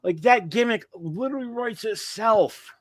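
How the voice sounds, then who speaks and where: New york dude guesting on a podcast, kinda high voice that jumps around a lot, dry close sound, opinionated and swears. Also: male voice, moderate pace, no room sound. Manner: opinionated, profane, animated. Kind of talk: casual podcast chat.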